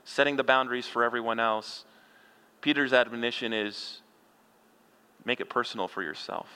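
A middle-aged male pastor preaches with a bright, forceful voice, mixing folksy humor and rhetorical questions into his sermon. His voice carries through a sanctuary with a long reverberating tail. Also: medium pitch, normal speed, smooth. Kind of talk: expository sermon.

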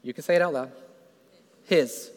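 Fervent preacher in a reverberant hall. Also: male voice, on the high side, normal speed. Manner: builds from quiet to loud and fervent; asks the congregation questions. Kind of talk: sermon.

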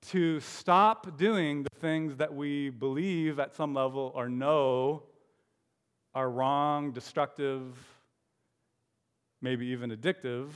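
Slow-speaking pastor in an echoing hall. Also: male voice, mid-range voice, steady tone, clean tone. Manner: musing, with rhetorical questions. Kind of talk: sermon. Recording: long hall reverb.

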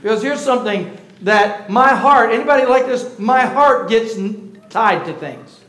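A man's voice: extremely high pitch, measured pace, a bit bright. A middle-aged man preaching a sermon as pastor, talking conversationally and calling out to his congregation. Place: church sanctuary. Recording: roomy echoey hall.

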